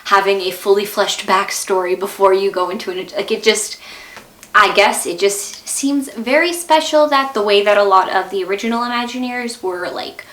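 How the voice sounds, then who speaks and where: A woman's voice: mid-range voice, normal speed, a bit bright. Young woman host in an echoey room. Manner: emotional, rambling. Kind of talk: vlog outro.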